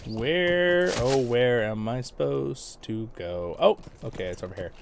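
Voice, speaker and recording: A man talks his way through a game on a livestream, loose and rambling, breaking into laughs as he goes. His pitch swings a lot, rising and dipping as he tells stories. There is a faint hiss behind him. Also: lively intonation, measured pace, vocal fry. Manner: chatty and rambling, laughs often. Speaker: livestream host and guide. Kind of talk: casual gameplay commentary.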